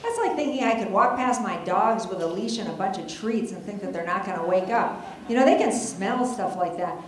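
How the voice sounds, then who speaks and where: Lively self-mocking woman in echoey hall. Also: mid-range voice, a little fast, a little hiss or hum. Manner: chatty, self-deprecating, full of asides. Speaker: storyteller on stage. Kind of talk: comic personal storytelling to a live audience. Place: stage before an audience.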